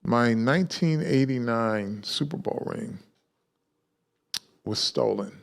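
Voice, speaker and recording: Guy on a podcast, gravelly voice, easygoing, kinda halting storytelling. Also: medium pitch. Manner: relaxed storyteller with frequent restarts. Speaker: podcast guest, former football player. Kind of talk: casual conversation.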